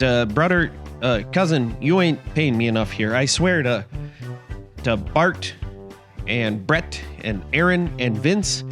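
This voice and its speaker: A man putting on a folksy Wisconsin reporter. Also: fairly high pitch. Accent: Upper Midwest Wisconsin. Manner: rambling, folksy, full of "eh" and "you betcha". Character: folksy Wisconsin field reporter, rambling, cheerful. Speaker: field reporter.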